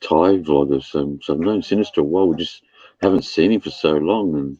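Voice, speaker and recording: A man's voice: rumbling low, a little fast, mellow, slightly rough, highs cut off. A man hosting a livestream, chatting casually, swearing and laughing often. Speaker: livestream host. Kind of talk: casual chat.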